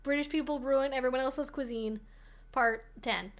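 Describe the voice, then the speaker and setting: A woman's voice: high voice, fairly even intonation, moderate pace. A woman hosting a casual livestream, rambling along with lots of "like" and frequent swearing. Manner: rambling, swears freely, heavy use of "like". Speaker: streamer host.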